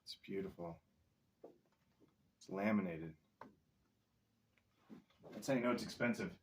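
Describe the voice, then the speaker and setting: A man's voice: low-pitched, a little slow, slight background noise. A man chatting casually on camera, joking around between reading poems aloud. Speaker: vlogger reading poetry aloud. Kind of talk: casual chat and poetry reading.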